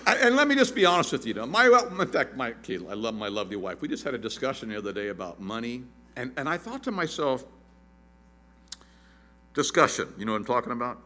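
A man in his fifties preaching a sermon as pastor, animated and joking, acting out quotes in a shrill voice. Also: fast talker, a little hiss or hum.

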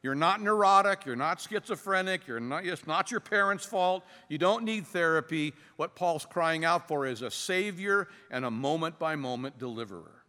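A man preaching a sermon as pastor, earnest and emphatic, with dramatic pauses. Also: fairly high pitch, animated, pushed and bright. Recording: long hall reverb.

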